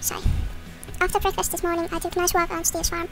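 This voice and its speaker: Woman playing a village worrier, squeaky, rapid, flat, game music behind. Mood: fretful. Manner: reads game dialogue aloud in a squeaky voice.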